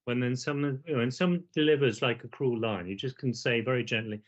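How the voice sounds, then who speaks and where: Measured man, muffled call audio. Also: medium pitch. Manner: measured, asks leading questions like "don't we?". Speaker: therapist host. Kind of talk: gentle therapeutic conversation.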